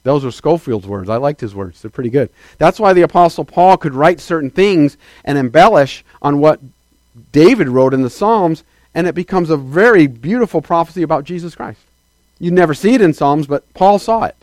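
A man preaching a sermon as a pastor, swinging between loud declarations and quiet asides and calling out to the congregation. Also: a little high, lively intonation, moderate pace, no room sound. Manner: calls out to the congregation for affirmation.

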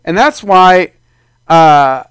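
Male pastor, high-pitched, dry close sound; casual sermon delivery with acted-out quotes. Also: lively intonation, drawn-out words, fairly bright tone, clear, resonant tone, no room sound. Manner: conversational preaching, acts out quoted voices.

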